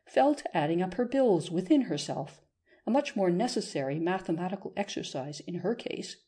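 A woman narrating a classic novel as an audiobook reader, in a measured storytelling manner. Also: medium pitch, warm tone, husky. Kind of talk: scripted narration.

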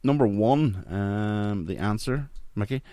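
A man with a lowish voice, reading quiz questions aloud and trading laughs and swears with his co-host. The sound is dry and close, with no room around it. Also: takes it slowly, warm tone, no room sound. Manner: swearing, laughing, joking banter.

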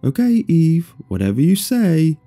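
A meek little male hand puppet drags out his words in a slow, resigned, mopey way, as a man puts him on. His voice is dark and husky, and faint music plays underneath. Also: on the high side, huge pitch swings, dry recording, pitched above the performer's own voice, heavily acted.

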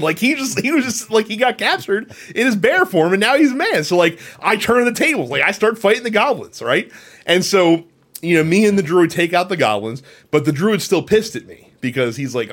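A man co-hosting a gaming podcast, telling a long game story in a rambling, animated way, full of fillers and swearing. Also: high voice, brisk. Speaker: podcast co-host. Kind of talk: casual chat.

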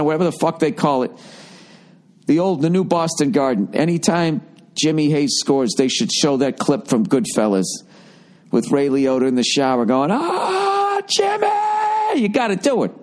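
A man telling an excited, profane story in a casual podcast. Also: fairly high pitch.

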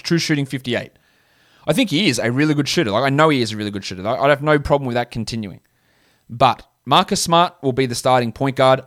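A man's voice: medium pitch, fairly bright tone, no room sound, clean studio sound. A young man hosting a solo fantasy basketball podcast, talking bluntly and casually with slang while he rattles off stats.

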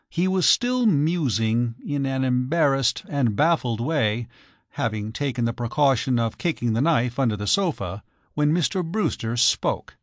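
Man, audiobook narration, lively intonation, dry close sound. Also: medium pitch, no room sound. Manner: measured, expressive storytelling. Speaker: audiobook reader. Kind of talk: scripted narration.

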